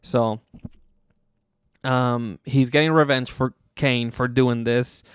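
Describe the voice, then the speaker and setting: A man's voice: medium pitch, steady tone, slow, smooth, dry recording, studio quality. A man hosting a podcast, recapping casually in a rambling, profane way, full of fillers and chuckles. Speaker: podcast host.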